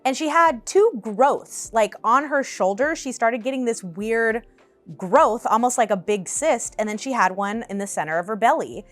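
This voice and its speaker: A woman in her twenties, a vlogger in her apartment, telling animated, casual storytime chat and laughing often. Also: on the high side, normal speed, faint music behind.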